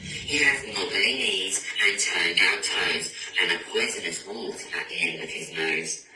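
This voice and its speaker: A man's voice: low-pitched, measured pace. A man voicing a small, clever, bluffing mouse in a picture-book reading, in a playful sing-song voice. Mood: cheeky. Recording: echoey room, distant mic, noisy.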